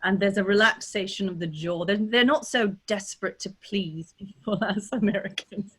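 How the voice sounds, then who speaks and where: A woman with a Californian accent, teaching as a dialect coach and demonstrating sounds in a lively way, often checking in with "right?". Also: medium pitch, normal speed, breathy edge. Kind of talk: teaching pronunciation in a workshop.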